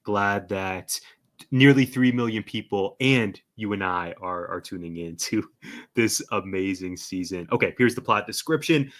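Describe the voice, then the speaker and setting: Bright-voiced man hosting a recap chat. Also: on the low side, unhurried. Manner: upbeat, reads plot summaries and prompts guest. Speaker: podcast host.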